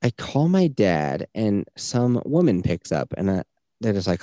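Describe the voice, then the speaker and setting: Animated profane storytelling man. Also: fairly low pitch, a little slow, no echo, studio quality. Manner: animated, profane, acts out voices in his stories. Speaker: podcast co-host. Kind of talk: casual storytelling chat.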